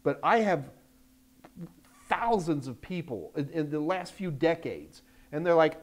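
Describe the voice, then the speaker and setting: Older male host for a live Q&A, blunt and emphatic, slightly high-pitched speaking voice. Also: lively intonation, unhurried. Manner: blunt, emphatic, gets loud when frustrated. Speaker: host answering viewer questions. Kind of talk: live Q&A chat. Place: Texas, United States.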